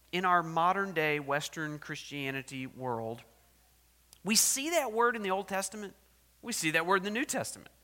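A lively male pastor preaches with a bright, ringing tone. He takes his time, drawing words out slowly. His pitch swings widely as he moves from loud, emphatic scripture reading to hushed, near-whispered asides. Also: big-room sound. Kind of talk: sermon.

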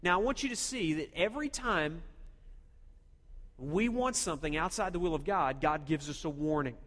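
Male pastor with a slightly high voice, emphatic sermon delivery, long hall reverb. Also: moderate pace, fairly bright tone. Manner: emphatic preaching with rhetorical questions to the congregation.

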